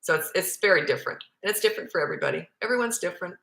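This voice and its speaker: A woman's voice: lowish voice, expressive, rapid-fire, vocal fry, fairly bright tone. A woman parenting coach answering viewer questions live, speaking in a blunt, emphatic way. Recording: echoey room.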